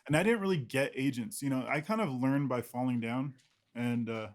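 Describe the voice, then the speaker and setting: A man's voice: medium pitch, normal speed. A man, an illustrator guest in an interview, talking casually in a rambling, self-deprecating way with frequent laughs.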